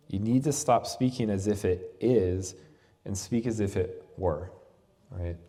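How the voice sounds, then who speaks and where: A man's voice: fairly low pitch, dark tone, long reverb tail. A man giving a conversational yoga teaching talk at a festival, often checking in with "right?". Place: festival venue.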